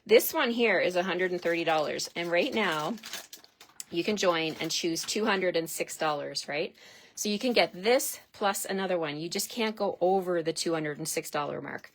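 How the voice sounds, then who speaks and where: A woman's voice: fairly low pitch, moderate pace. Gushing woman demonstrating craft supplies. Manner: gushing, excitable, chatty. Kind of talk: live product demonstration.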